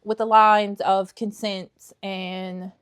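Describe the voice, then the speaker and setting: A young woman who reviews books chats casually in a vlog, her medium-pitched voice smooth, flat, and unhurried. She comes across as sassy and emphatic, frequently repeating lines for effect.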